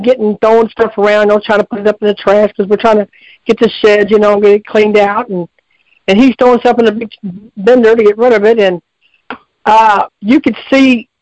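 A man with a high voice calls in to a radio show, heard in a muffled recording with no echo. He tells a long story in a folksy, rambling, repetitive way, restarting often.

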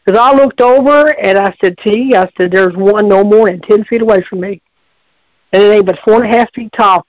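High-voiced man rambling on a call-in. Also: moderate pace, no echo, lo-fi sound. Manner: folksy, repetitive, lots of restarts. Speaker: radio show caller. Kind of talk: rambling casual storytelling.

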